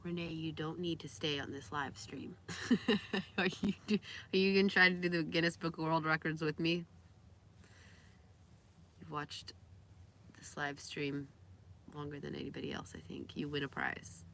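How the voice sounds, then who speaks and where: A woman's voice: sits low, steady tone, normal speed, gravelly, pauses often, a bit bright, slight background noise. A young woman chatting casually on a live stream, reading viewer comments aloud and cooing baby talk at her dog.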